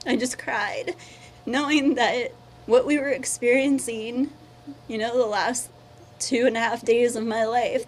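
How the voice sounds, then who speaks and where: A woman's voice: a little high, moderate pace, slight background noise. A woman, a local resident and small business owner, recounting her experience in a recorded interview with heartfelt emotion. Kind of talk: recorded personal testimony.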